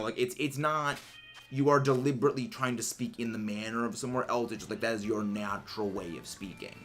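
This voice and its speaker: A man livestreams while gaming, chatting casually with viewers in a rambling, musing way full of fillers and restarts. His voice is mid-range and fairly bright.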